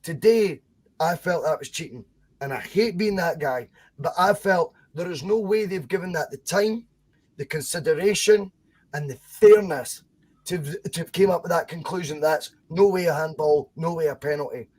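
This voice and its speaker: A Scottish man on a fan podcast, talking in an insistent, emphatic way. His voice sits high for a man and has a husky edge. He keeps hammering home each point. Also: moderate pace, a little mellow. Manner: emphatic, insistent, addresses co-host by name. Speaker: podcast co-host. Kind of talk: heated fan podcast discussion.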